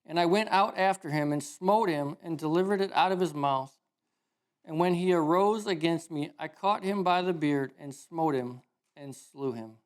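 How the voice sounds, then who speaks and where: A man preaching a sermon in a casual, animated storytelling way, correcting himself as he goes. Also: on the high side, moderate pace, smooth. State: emotional.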